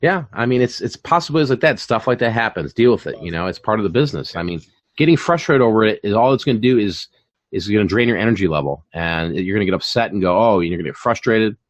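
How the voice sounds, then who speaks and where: Animated, chatty man, dry close sound. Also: on the low side, quick pace, dry recording, muffled recording. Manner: animated, chatty, full of fillers and repeats. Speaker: channel host and online reseller. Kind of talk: casual chat on a live stream.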